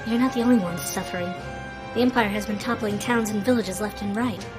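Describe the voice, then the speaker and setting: A woman's voice: medium pitch, steady tone, a little fast, music in the background, lightly acted. A woman streamer voicing a weary male town merchant, reading his lines in a plain, matter-of-fact way. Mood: grumbling.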